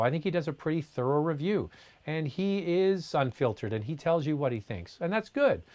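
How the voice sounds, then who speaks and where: A man hosting a live question-and-answer stream, reading viewer comments aloud and answering in a casual, chatty way with plenty of fillers. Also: on the high side. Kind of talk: live Q&A chat.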